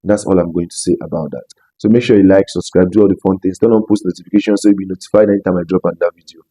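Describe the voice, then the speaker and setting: Nigerian guy ranting on his vlog, deep-ish mellow voice, dry close sound, keeps repeating himself to make a point. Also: steady tone, very fast, dry recording, poor audio. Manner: emphatic, preachy, repeats phrases for stress. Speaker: commentary vlogger. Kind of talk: opinion commentary vlog.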